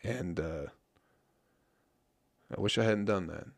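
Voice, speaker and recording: A man's voice: low voice, takes it slowly, vocal fry, no room sound, studio quality. A young man hosting a podcast, rambling in casual chat with lots of swearing and wry self-mockery. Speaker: podcast host. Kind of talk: casual solo podcast rant.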